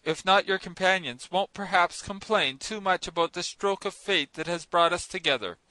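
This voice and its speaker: A man reading an audiobook, voicing a stern, mysterious sea captain who speaks in a cold, commanding, measured way. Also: high-pitched, pushed and bright, no room sound, rough recording. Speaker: narrator voicing characters.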